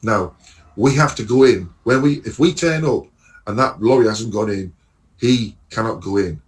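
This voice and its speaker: A man, a lorry driver chatting casually and telling animated stories, acting out the other people's lines and swearing freely. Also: fairly low pitch, normal speed, rough recording. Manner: animated storytelling, acts out dialogue, swears freely. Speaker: lorry driver and podcast guest. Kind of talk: casual chat.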